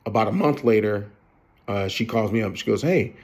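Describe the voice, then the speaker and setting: A man's voice: lowish voice, brisk, darkish tone. Profane rambling fifty-year-old man. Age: 50s. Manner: profane, rambling, many fillers and restarts. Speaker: vlogger. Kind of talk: rambling confessional storytelling.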